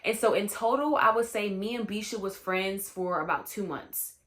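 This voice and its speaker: Young woman hosting a storytime vlog; chatty, slangy, bright tone. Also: mid-range voice, moderate pace. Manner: chatty, slangy, lots of "you know what I'm saying". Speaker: storytime host. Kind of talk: casual storytime chat.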